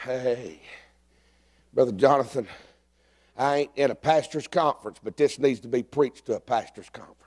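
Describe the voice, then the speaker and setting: A middle-aged man, a pastor preaching a sermon who swings from shouted, climbing lines to low, confessional talk. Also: moderate pace.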